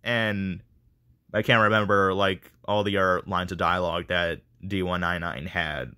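A man's low voice sounds clear, resonant and sharp, holding a steady tone at normal speed. Running a voice casting call, the video creator talks casually to his viewers, rambling and self-deprecating.

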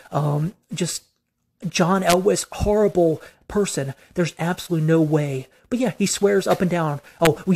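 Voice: medium pitch, darkish tone, husky. A vlogger giving a heated, profane and repetitive venting monologue, aggrieved and insistent.

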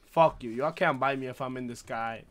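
A young man streaming a shooter game live, swearing and trash-talking through casual commentary with sudden loud outbursts. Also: medium pitch, normal speed, slight background noise. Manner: profane, loud, reacts with outbursts and trash talk. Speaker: gaming streamer.

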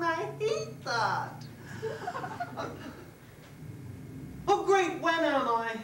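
A woman performing live on stage as a flustered, giggly female goddess-in-training who chats directly with the audience. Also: on the high side. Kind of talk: live solo theater performance. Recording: echoey live room, distant mic, background noise.

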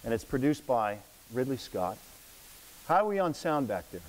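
A man's voice: mid-range voice, sing-song, moderate pace. A man in his sixties giving a casual, anecdotal lecture to an audience in a university hall, slipping into voices when he quotes people. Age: 60s. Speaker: guest lecturer. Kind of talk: storytelling lecture. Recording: echoey hall, faint hiss.

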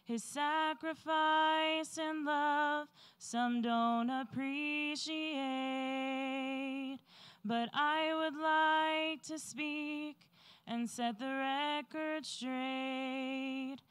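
A woman singing a slow gospel solo in church, soaring on the refrain. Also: sits high, fairly even intonation, fairly bright tone, faint music behind. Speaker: church soloist. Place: church sanctuary.

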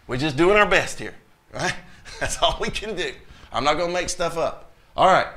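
Pastor guy preaching, bright kinda tense voice, a bit high, blunt and fired up. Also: moderate pace. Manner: animated, emphatic, blunt, rhetorical questions. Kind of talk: sermon.

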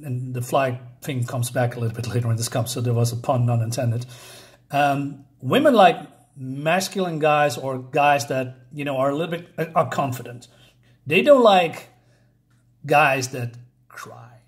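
A man's voice: medium pitch, normal speed. A man giving a casual, rambling review of a comic book, drifting into asides with frequent fillers.

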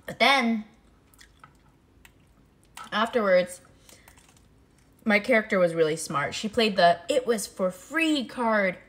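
A young woman streaming, chatting casually and telling a lively story, her voice jumping up when she acts out reactions. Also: takes it slowly, pauses often. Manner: animated storytelling, pitch jumps for quoted reactions. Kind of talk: casual chat while eating. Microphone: desk mic, no face cam.

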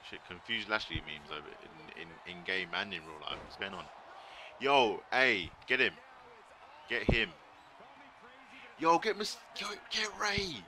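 Excitable man yelling at a game. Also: fairly low pitch, a little hiss or hum. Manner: excitable, swears and yells at the game. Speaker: gaming streamer. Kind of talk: live gameplay commentary.

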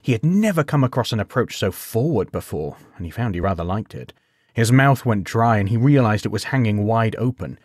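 A man narrating a bedtime story in a measured, unhurried way. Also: lowish voice, expressive, no room sound, clean studio sound.

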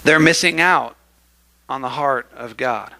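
A man preaching a sermon in a church, animated, often calling out praise and asking the congregation for an amen. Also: mid-range voice, measured pace. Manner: animated, acts out crowd voices, calls for amens.

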